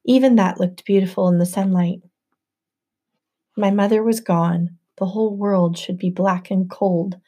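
Woman audiobook narrator, warm mellow tone, even first-person storytelling. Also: medium pitch, unhurried.

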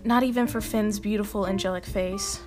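A woman's voice: medium pitch, fairly even intonation, normal speed, music in the background. A young woman hosting a video, doing casual scripted commentary with laughing, exasperated asides. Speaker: video host.

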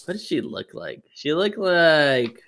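A young man co-hosting a podcast in casual chat, laid-back and hesitant, often pausing with ums. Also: fairly high pitch, very animated, fairly bright tone. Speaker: podcast co-host.

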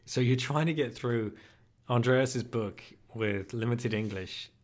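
A man's voice: mid-range voice, slow. A man hosting a podcast, prompting his guest with short questions. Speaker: podcast host. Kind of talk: interview questions.

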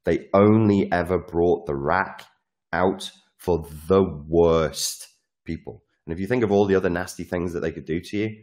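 Deep-voiced, animated man monologuing. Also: moderate pace. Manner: animated, swearing, acts out quotes. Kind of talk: casual monologue.

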